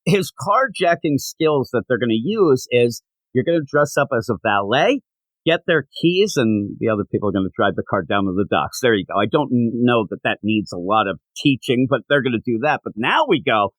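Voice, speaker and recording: A man co-hosting a podcast, talking casually and animatedly about comic books, often slipping into quick mocking quotes of characters. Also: medium pitch, dry recording, low-quality recording. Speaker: podcast co-host. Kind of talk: casual comic book discussion.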